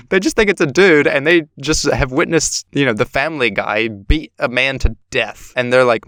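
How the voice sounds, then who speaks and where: A man hosting a podcast, casually retelling a story in an animated way and swearing now and then. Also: medium pitch, moderate pace, dry recording, clean studio sound. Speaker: podcast host.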